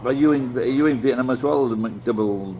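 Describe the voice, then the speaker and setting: A man's voice: mid-range voice, brisk, mellow, a little hiss or hum, low-quality recording. Blunt Yorkshire man chatting casually. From Yorkshire, England. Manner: rambling and blunt, swears freely, many restarts. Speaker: vlogger chatting with live viewers. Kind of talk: casual livestream chat.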